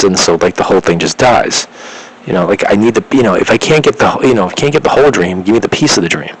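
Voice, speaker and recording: A man's voice: low-pitched, very fast, breathy edge, low-quality recording. A young man vlogging, telling a rambling personal story with many restarts and filler words.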